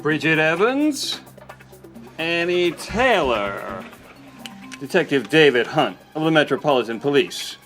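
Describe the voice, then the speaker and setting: An actor playing a bumbling, easily confused police detective in a sitcom, over the top. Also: male voice, a little high, sing-song, a little slow, long pauses, a bit bright, faint music behind. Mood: officious. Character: bumbling London police detective, middle-aged man. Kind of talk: scripted sitcom acting.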